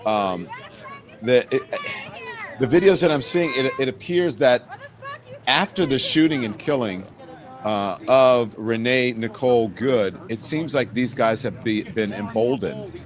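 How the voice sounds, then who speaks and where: A man hosting a live news talk show, questioning a guest in a halting, hesitant way. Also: mid-range voice, fairly bright tone, a faint crowd. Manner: hesitant, full of fillers and restarts. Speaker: host.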